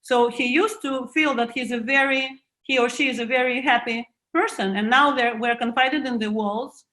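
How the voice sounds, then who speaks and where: A woman's voice: a little high, steady tone, moderate pace, bright, forceful tone. A woman in her forties with a Russian accent, speaking as a guest author in a reflective conversation and searching for words with frequent restarts. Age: 40s. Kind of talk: video call conversation.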